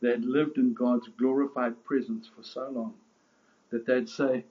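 A man preaching with fervent, rising emphasis at a middling pitch, stumbling and restarting as he builds his points. The recording sounds a little dull and lo-fi, like a church service captured on modest gear. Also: level tone, a little slow. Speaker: pastor. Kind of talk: sermon.

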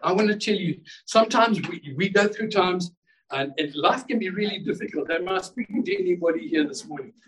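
A man's voice: high voice, fairly quick, a bit bright, distant mic, slight background noise, poor audio. A male pastor preaching a sermon in a church service, fervent and exclamatory, often repeating words as he builds a point.

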